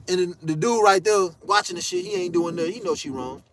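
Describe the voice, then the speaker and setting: A man's voice: high-pitched, huge pitch swings, quick pace, gravelly, hardly any pauses, a bit bright, dry recording. A young man telling a heated, profane story as a vlogger, acting out the people he quotes in raised voices. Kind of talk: animated storytelling rant.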